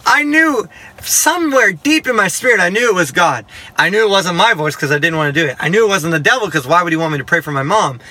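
A man giving a personal Christian testimony, telling it in a lively way, acting out the dialogue and adding self-mocking jokes. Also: high-pitched, fairly quick. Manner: humorous, self-mocking asides. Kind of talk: storytelling testimony to a listener.

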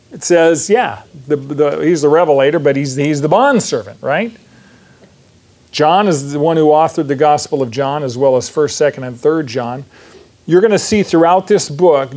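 Preaching man with a higher voice. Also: a little mellow. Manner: conversational teaching, frequent "right?" and questions to the audience. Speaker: pastor. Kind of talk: sermon.

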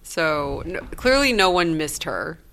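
A woman's voice: deep voice, sing-song, unhurried, fairly bright tone. A woman co-hosting a podcast, chatting casually and laughing about a horror film. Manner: laughing, uses 'like' a lot.

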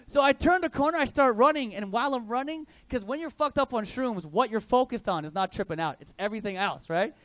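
Young guy doing standup, high voice, crude slangy storytelling, dry close mic. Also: a bit bright, dry recording. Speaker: stand-up comedian. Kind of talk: stand-up comedy. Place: comedy club stage.

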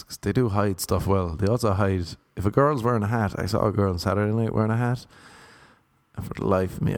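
A man with an Irish accent telling rambling, self-mocking stand-up stories in a deadpan way. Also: on the low side, vocal fry. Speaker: comedian. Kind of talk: stand-up storytelling.

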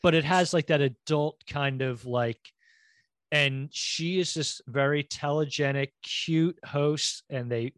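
A middle-aged man co-hosting a podcast in casual chat, telling stories in a rambling, animated way and acting out quotes. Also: fairly high pitch, slow, no room sound. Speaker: podcast co-host.

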